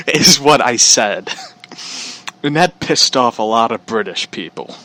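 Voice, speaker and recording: A man's voice: medium pitch, lively intonation, slow pace, pauses often, bright, forceful tone. A man from Missouri hosting a podcast, ranting casually in a blunt, profane, rambling way. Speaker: podcast host. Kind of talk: casual rant.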